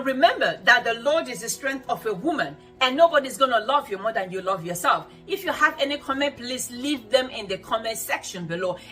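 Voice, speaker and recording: Woman, motivational host, fairly high voice, bright and forceful, earnest, preachy, repeats herself, faint music underneath. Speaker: host of a self-help show. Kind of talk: motivational talk to women viewers.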